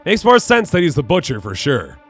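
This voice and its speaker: Lively man thinking aloud over a game. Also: on the high side, brisk, husky, soft background music. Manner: puzzling things out aloud, musing to himself. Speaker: streamer. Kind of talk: live gameplay commentary.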